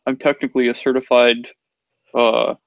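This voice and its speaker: A male podcast co-host in casual chat, talking haltingly and pausing over his words. His voice sounds muffled and lo-fi, with a dry, close recording. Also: medium pitch, level tone, creaky, dry recording. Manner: halting, full of fillers and restarts.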